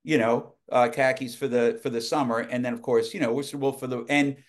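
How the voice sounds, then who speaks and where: A man guest on a podcast, telling lively anecdotes in casual conversation, often restarting his sentences. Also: medium pitch, brisk. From United States. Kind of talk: casual storytelling.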